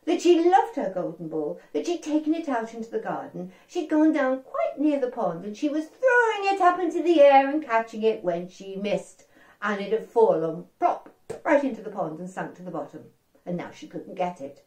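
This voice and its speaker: Animated woman telling children's stories. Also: a little high, normal speed. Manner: animated, asks the young listeners questions. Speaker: storyteller. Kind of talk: children's storytelling. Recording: roomy echo.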